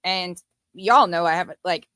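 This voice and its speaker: A woman's voice: lowish voice, moderate pace, fairly bright tone, clear, resonant tone, no echo. A woman commentator reacting to clips in a blunt, sarcastic, profane way. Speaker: commentary streamer. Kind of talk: casual commentary.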